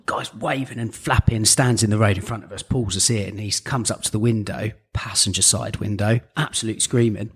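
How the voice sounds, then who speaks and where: A man on a podcast with a husky, somewhat low voice. He tells a quick anecdote in short, clipped phrases and drops casual reactions in between. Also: steady tone. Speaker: podcast co-host. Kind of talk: casual chat.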